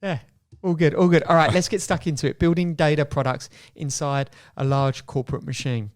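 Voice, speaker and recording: A man's voice: a little high, fairly even intonation, fairly quick. A man with a Cockney accent and an Australian twang, hosting a podcast in a jokey, upbeat way. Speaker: podcast host. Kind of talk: casual podcast interview.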